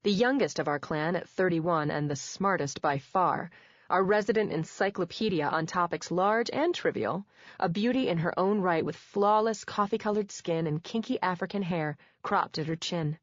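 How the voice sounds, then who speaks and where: A woman with a lowish voice narrates a first-person audiobook, measured and quietly wry. The sound is dry and a little dull, with no room around it. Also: dry recording. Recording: dull dry studio read.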